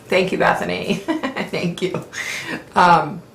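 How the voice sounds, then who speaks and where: Low gravelly woman chatting in echoey room. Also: fairly even intonation, slow pace, a bit bright. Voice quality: mentions losing her voice, clears throat often. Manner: chatty, opinionated, frequent fillers. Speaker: host. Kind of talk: casual live-stream chat.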